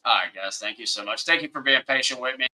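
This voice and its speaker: A man's voice: mid-range voice, quick pace, pushed and bright, rough recording. A man with a Southern accent hosting a casual livestream, rambling and heated, often apologizing to his viewers. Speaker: livestream host. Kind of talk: casual live-stream commentary. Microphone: webcam setup.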